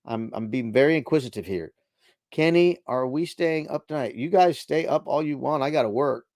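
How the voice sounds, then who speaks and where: A middle-aged man hosts a casual late-night livestream, reading viewer chat aloud into a desk microphone in a chatty, laid-back way. His medium-pitched voice is animated and a little mellow, at normal speed, with clean, echo-free studio sound.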